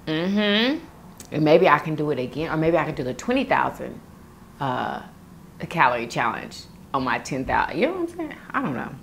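A woman's voice: low voice, very animated, moderate pace, vocal fry, slight background noise. A woman, chatting casually as a vlogger, reading viewer comments aloud and laughing often.

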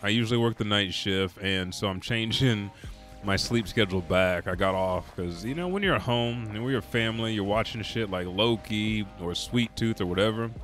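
A man's voice: lowish voice, normal speed, a bit bright, soft background music. Tired, profane, rambling young man. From Oklahoma, US. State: tired from staying up all night. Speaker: gaming streamer. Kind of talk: casual storytelling while playing.

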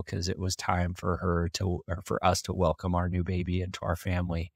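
A man's voice: sits low, fairly even intonation, moderate pace, vocal fry, hardly any pauses, no echo, studio quality. A man from small-town Idaho, hosting a podcast and earnestly retelling a personal story with occasional chuckles. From small-town Idaho, USA. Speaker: podcast host.

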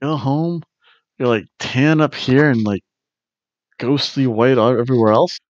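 A man recaps wrestling in a loose, rambling way, cracking jokes and slipping into goofy chants. His voice sits at a middle pitch and sounds a little dull and muffled. The recording is dry, with no room echo. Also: a little slow, a little mellow. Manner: jokey, breaks into chants and sing-song bits. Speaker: podcast host reviewing wrestling.

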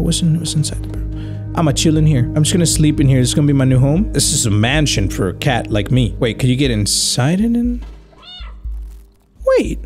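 Lively joking gamer man. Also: a little high. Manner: animated, joking, mixes in Spanish words. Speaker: gaming YouTuber. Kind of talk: casual gameplay commentary.

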